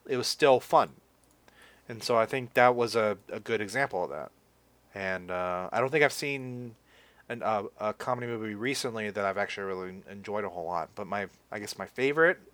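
A man's voice: lowish voice, a little fast, fairly bright tone, no room sound. A young man chatting casually about movies as a podcast co-host, rambling with lots of fillers and restarts.

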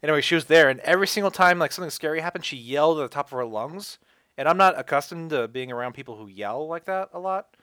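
A young man co-hosting a casual podcast who tells animated stories and laughs often. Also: fairly high pitch, quick pace, no room sound. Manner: animated storyteller, laughs often, acts out yells. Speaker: podcast co-host. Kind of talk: casual chat.

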